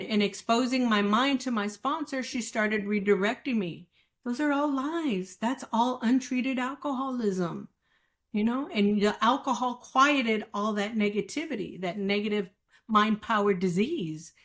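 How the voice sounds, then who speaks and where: A woman's voice: on the high side, normal speed, fairly bright tone. A woman guest giving a candid, emotional account of her recovery, acting out the voices of people she quotes. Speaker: guest sharing recovery story. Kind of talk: candid personal testimony.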